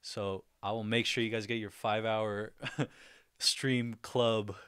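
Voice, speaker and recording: A man's voice: fairly low pitch, little pitch movement, slow, fairly bright tone, clear, resonant tone, dry recording, clean studio sound. A man hosting a casual livestream, talking easily with viewers, laughing often and speaking loosely with fillers and restarts. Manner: laughs often, easygoing and upbeat. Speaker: livestream host.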